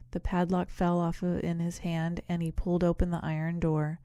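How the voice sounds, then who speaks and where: Female audiobook narrator, measured storytelling, dark mellow tone. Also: on the low side, level tone, smooth, no echo, clean studio sound. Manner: measured storytelling with voiced characters. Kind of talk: scripted narration.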